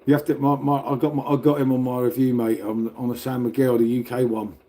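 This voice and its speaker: Flat in delivery but fast, his medium-pitched voice has a dark tone. He's a middle-aged Brit on a home livestream beside a radiator, reading viewers' chat while he rambles, laughs and swears in relaxed talk.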